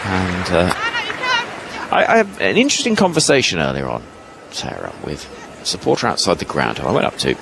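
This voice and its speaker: A man giving ball-by-ball cricket commentary from a ground's commentary box, lively and rising with each delivery. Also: low voice, a little fast, gravelly, some chatter behind. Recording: broadcast with loud ground noise behind.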